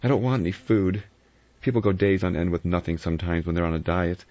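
A man's voice: quick pace, darkish tone, natural voice. A man voicing a frightened but obstinate young Englishwoman in a raised, strained voice. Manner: high, strained feminine voice put on. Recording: dull lo-fi recording.

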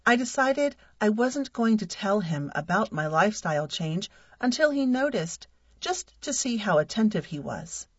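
A married woman reading a humorous personal essay aloud in a wry, deadpan way. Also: mid-range voice, moderate pace, husky, no room sound. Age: adult. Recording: dull lo-fi dry recording.

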